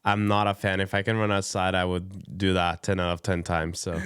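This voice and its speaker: A man's voice: low-pitched, little pitch movement, normal speed, a bit bright, clear, resonant tone, no room sound, clean studio sound. A man hosting a running podcast, asking questions with frequent restarts and repeated words. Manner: hesitant, repeats words while forming questions. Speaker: podcast host. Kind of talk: interview questions.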